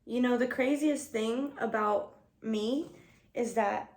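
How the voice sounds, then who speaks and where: A woman's voice: fairly high pitch, slow, darkish tone. A woman vlogger chatting casually while getting ready, slangy and profane, laughing often. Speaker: beauty vlogger. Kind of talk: casual get-ready-with-me chat.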